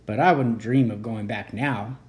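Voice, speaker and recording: A reader doing a croaky, very old seagull. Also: medium pitch, normal speed, darkish tone, close to an everyday voice. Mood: haughty. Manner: croaking, dismissive. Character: very old seagull, male, aloof. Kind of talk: children's storybook read-aloud.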